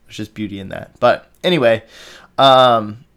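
A man's voice: fairly low pitch, measured pace, a bit bright. A young man hosting a podcast, interviewing his mother in a rambling, emotional way. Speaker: podcast host. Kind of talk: casual interview.

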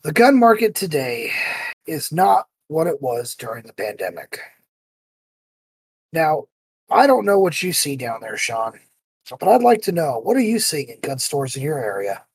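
Husky guy on a podcast, dry sound, really gets into acting out his story. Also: a little high, measured pace, dry recording. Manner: animated storyteller acting out heated quotes. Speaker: podcast co-host. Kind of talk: casual chat.

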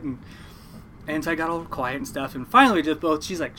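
The speaker is a young Oregon-coast commercial fisherman with a voice on the high side, talking a little fast over slight background noise. Chatting in a casual interview, he tells a story with lively energy, voicing the other characters himself.

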